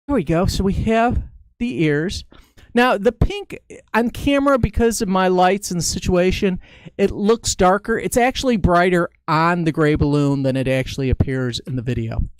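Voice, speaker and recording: Man with a smooth, dry voice teaching. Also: high voice, moderate pace, no room sound. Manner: chatty, talks through each step as he draws. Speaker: balloon artist teaching a live stream. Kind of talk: casual live-stream tutorial.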